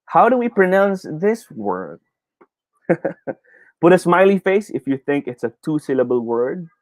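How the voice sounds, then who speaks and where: A man's voice: fairly high pitch, sing-song, slow, dry recording. A man with a Filipino accent teaching a live online pronunciation lesson, upbeat and encouraging, reading out viewer comments and switching between English and Tagalog.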